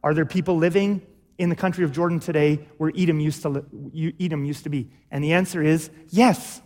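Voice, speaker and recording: A man's voice: high-pitched, fast talker, big-room sound. A male pastor preaching a sermon, explaining step by step and often checking in with "okay?". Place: church.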